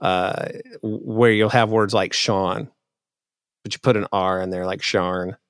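Sarcastic low-voiced man, dry mic. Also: measured pace, no echo. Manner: sarcastic, animated storytelling. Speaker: podcast co-host. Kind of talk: casual chat.

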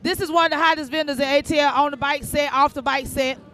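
A man hosting a live outdoor bike night, excitedly giving repetitive shout-outs. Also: very high voice, fast, soft background music. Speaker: show host. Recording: crowd noise behind, outdoors.

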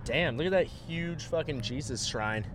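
A man's voice: fairly high pitch, animated, moderate pace, a bit bright. A young man from Southern California animatedly telling stories to a friend, swearing and saying "bro" and "dude" often. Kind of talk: casual storytelling to a friend. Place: inside a moving car. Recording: car ride with faint road noise.

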